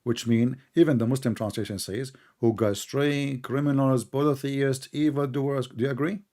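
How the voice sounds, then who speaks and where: A man's voice: fairly even intonation, normal speed. Sarcastic, interrupting male debate host. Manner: mocking, sarcastic, keeps interrupting; bursts into loud, high-pitched outrage. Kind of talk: heated online religious debate.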